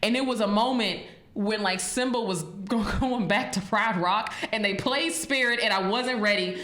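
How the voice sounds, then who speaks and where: Animated woman podcast host, echoey room. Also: medium pitch, normal speed. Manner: animated storytelling, laughs often. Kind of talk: casual chat.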